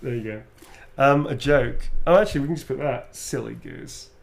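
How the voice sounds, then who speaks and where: A man's voice: medium pitch, moderate pace, gravelly. A man signing autographs on a livestream, chatting playfully and putting on sultry readings of quoted lines. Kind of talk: casual livestream chat.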